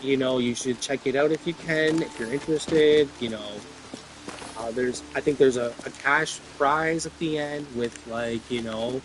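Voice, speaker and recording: A man's voice: mid-range voice, unhurried, slight background noise, poor audio. Rambling, profane man telling stories. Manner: rambling, filler-heavy, profane. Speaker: vlogger. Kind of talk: rambling personal monologue.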